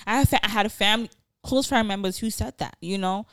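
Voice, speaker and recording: A woman's voice: medium pitch, quick pace, smooth, no room sound. Young woman, podcast co-host, candid casual chat with swearing, dry close sound. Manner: candid and animated, swears freely.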